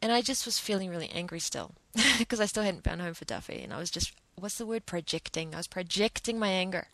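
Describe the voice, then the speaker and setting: Woman, vlog storyteller, emotional and halting, slight vocal fry. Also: fairly low pitch, a bit bright, dry recording. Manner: emotional, hesitant, many restarts. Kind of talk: personal storytime monologue.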